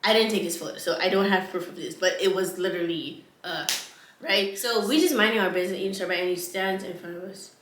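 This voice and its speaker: A woman vlogger telling a story in a casual, animated way, often laughing and repeating lines for effect. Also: fairly low pitch, fast talker, reverberant, a little hiss or hum.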